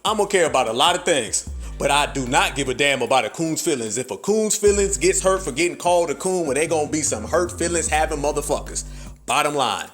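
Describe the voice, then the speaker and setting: A man's voice: fairly high pitch, expressive, fast, fairly bright tone, soft background music. A man hosting a podcast, giving blunt, profane, combative commentary. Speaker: podcast host.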